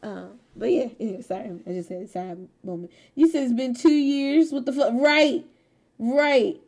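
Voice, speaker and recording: A woman's voice: sits high, moderate pace, darkish tone. A woman hosting a casual stream chat, laughing often, swearing freely and teasing her friends. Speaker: streamer host.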